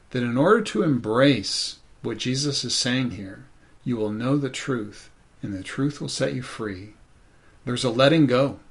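A man's voice: mid-range voice, vocal fry, slightly rough. A man preaching a sermon as pastor, conversational and thoughtful, with many "you know" asides.

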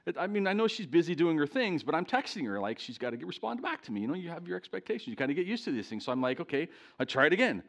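A middle-aged man gives a storytelling sermon to a live congregation in church, poking fun at himself in a personal story and regularly asking his listeners questions. He's animated and speaks directly to them. His voice is a little high, racing along with hardly any pauses.

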